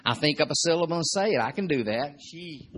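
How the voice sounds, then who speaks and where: A man's voice: fairly high pitch, lively intonation, fast, fairly bright tone. A man preaching a sermon in a conversational, joking way, often repeating his points. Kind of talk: sermon teaching.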